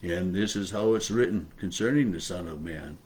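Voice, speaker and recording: In a low voice with a darkish tone, a pastor works through a Bible passage in a casual daily devotional. His delivery is halting and reflective, peppered with fillers and restarts as he muses.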